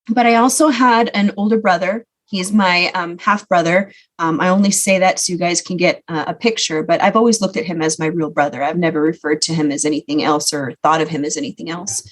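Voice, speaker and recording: A woman guest telling her life story in an earnest, reflective way, often pausing with "you know". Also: mid-range voice. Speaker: podcast guest. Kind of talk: personal storytelling.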